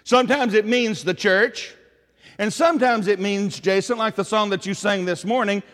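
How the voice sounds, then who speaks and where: Preaching in an earnest, conversational style, this Tennessee-accented Southern man often poses questions to his audience. His voice sits high and is a bit bright, he speaks at a moderate pace, and the room sounds big.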